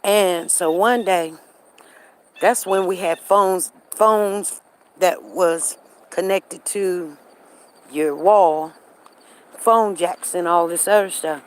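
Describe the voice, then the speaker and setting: Speaking slowly with long pauses in a fairly low voice, a middle-aged woman hosts a live stream. Through her streaming device she chats casually and gossipily about a neighborhood story, with asides to viewers.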